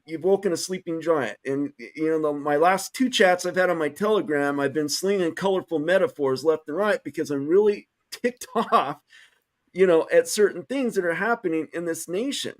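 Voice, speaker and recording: Fiery man ranting, high voice. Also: moderate pace. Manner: fiery, swearing, emphatic. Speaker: host. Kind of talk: impassioned political talk show rant.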